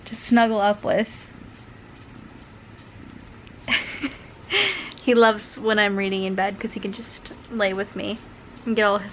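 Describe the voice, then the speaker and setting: A woman's voice: on the high side, a bit bright, a little hiss or hum. A young woman vlogging casually from bed at home, chatting with lots of filler words like "like" and "um". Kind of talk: casual chat to camera.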